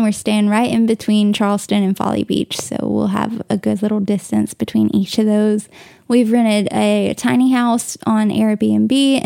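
A woman's voice: medium pitch, gravelly, dark tone, no room sound, clean studio sound. A young woman hosting a casual solo podcast from home, gushing and emotional, tearing up at times. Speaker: podcast host. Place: bedroom at home, on the bed.

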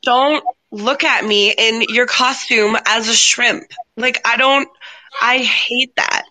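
A woman's voice: fairly high pitch, steady tone, slow pace, sharp tone, low-quality recording. A woman chatting casually on a livestream, eagerly telling a story with hesitant starts.

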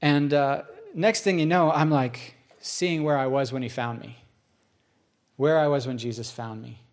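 A middle-aged man preaching a sermon as pastor, telling stories and acting out both sides of a dialogue, then dropping to a hushed voice for solemn moments. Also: medium pitch.

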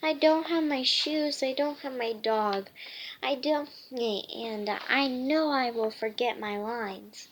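A woman reading aloud and voicing an earnest, excitable young girl who is nervous about her school play. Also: high-pitched, slow, a little hiss or hum. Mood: worried.

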